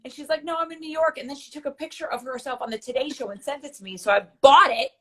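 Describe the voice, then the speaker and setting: A woman's voice: high-pitched, fast. A woman in a casual video-call chat, enthusiastic and playfully teasing. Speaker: guest.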